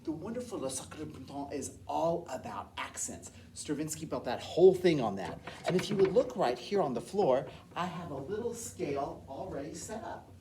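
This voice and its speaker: A woman's voice: deep voice, animated, normal speed, hardly any pauses, dark tone, slight background noise. A woman who teaches elementary music, leading a movement lesson and singing scale notes and counts aloud. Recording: echoey room heard from a distance.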